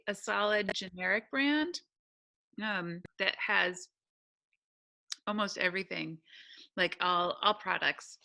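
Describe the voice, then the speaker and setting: A woman in her thirties from upstate New York co-hosts a casual podcast chat, her mid-range voice bright with a forceful tone. She laughs often, rambles cheerfully, and is chatty and self-deprecating.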